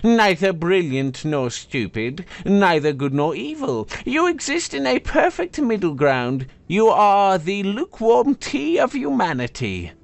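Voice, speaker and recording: A man puts on a spiteful talking sword for a fantasy storybook. The voice is nasal and pitched high, with a wheedling, sarcastic edge. It swoops up and down as it sneers. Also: big pitch swings, a little slow, gravelly, hardly any pauses, no echo, full character voice. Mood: scornful. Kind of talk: storybook narration.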